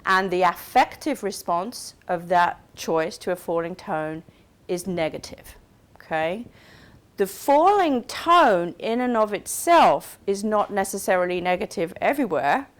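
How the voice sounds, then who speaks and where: A woman's voice: mid-range voice, lively intonation, measured pace. A woman giving a recorded university lecture, explaining step by step and checking in with her listeners. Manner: explains carefully, checks in with "okay?" and "right?".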